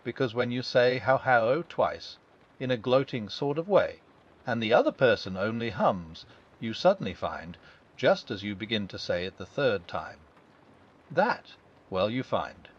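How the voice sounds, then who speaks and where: A man voicing a gentle, simple-minded male bear who thinks things through slowly and earnestly in a storybook reading. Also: medium pitch, very animated. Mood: thoughtful. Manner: slow, thoughtful, earnest. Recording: dull lo-fi.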